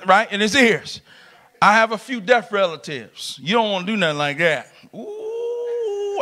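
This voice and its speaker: A middle-aged man preaching a lively sermon in a church, shouting and laughing with the congregation. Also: high-pitched. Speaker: pastor. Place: church sanctuary.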